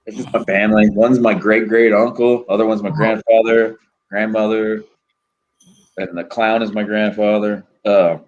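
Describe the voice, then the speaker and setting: Profane, rambling male storyteller, low voice. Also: level tone, moderate pace, muffled recording, a little hiss or hum. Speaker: host. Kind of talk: casual storytelling chat.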